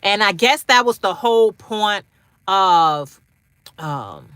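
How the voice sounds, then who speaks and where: A woman's voice: medium pitch, expressive, slow, a bit bright, clear, resonant tone, no room sound, studio quality. A woman hosting a casual livestream, talking straight to viewers, repeating phrases for emphasis with slangy asides. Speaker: livestream host.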